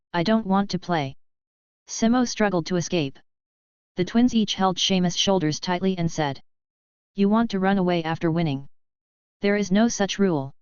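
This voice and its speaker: A woman reading a fan-fiction audiobook in an even, unhurried scripted narration. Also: lowish voice, clear, resonant tone, dry recording, dull audio.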